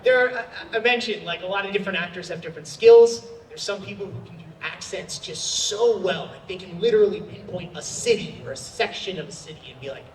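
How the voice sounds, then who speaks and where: A man, a voice actor, answering audience questions at a convention panel in a chatty, animated way with many fillers. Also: high voice, a little fast, few pauses, slight background noise. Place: large convention hall. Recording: roomy hall sound from a distant mic.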